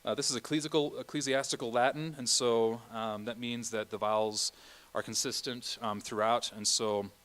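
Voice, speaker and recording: A man's voice: mid-range voice, steady tone, moderate pace, fairly bright tone. A middle-aged man directing a choir rehearsal in a church, chatty, often singing vowel and Latin examples.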